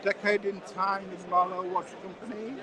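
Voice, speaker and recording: A man's voice: sits high, flat delivery, moderate pace, low-quality recording. A man hosting a live stream, chatting enthusiastically as he walks around a watch fair and asks exhibitors questions. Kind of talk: casual walk-around commentary. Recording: crowd chatter from a busy fair.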